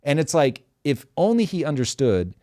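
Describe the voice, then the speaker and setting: A man's voice: fairly high pitch, normal speed. A man in his forties hosting a talk show, speaking emphatically and swearing freely in casual chat. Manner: emphatic, profane, animated storytelling. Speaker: podcast host.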